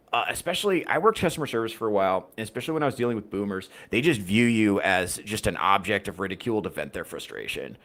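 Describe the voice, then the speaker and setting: A man with a somewhat low voice talks loosely to his livestream audience, reading chat as he goes. He rambles, swears freely, and keeps a dry, wry edge. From United States. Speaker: podcast host reading chat.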